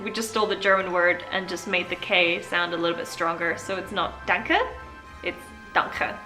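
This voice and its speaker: In a casual tutorial chat, a woman language vlogger with a bright, forceful, mid-range voice teaches basic phrases in a playful way, laughing often.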